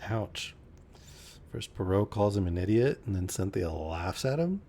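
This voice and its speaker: A man's voice: lowish voice, animated, measured pace, mellow, a little hiss or hum. A man reading a classic mystery novel aloud, breaking off for dry joking asides.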